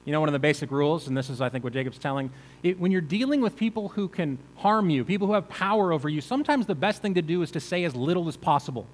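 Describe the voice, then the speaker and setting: A man's voice: on the high side, lively intonation, fast, big-room sound, low-quality recording. A male pastor preaching a conversational sermon, asking the listeners rhetorical questions.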